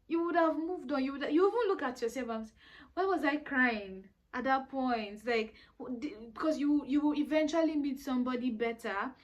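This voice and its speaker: A woman's voice: fairly high pitch, a bit bright. A woman in her twenties with a Nigerian accent, giving earnest, pleading life advice in a casual vlog. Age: 20s. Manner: earnest, exhorting, repetitive pleading. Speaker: vlogger. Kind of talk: casual advice talk to camera.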